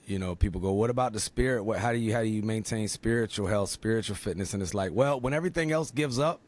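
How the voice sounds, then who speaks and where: A man hosting his own podcast, talking in an enthusiastic, animated way and often repeating himself. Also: fairly low pitch, fast. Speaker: podcast host. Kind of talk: casual podcast chat.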